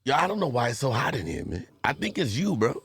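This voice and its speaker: A man's voice: medium pitch, huge pitch swings, quick pace, vocal fry, fairly bright tone, husky. A man hosting a podcast, teasing his guest in casual comedic banter, loose and profane. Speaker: podcast host.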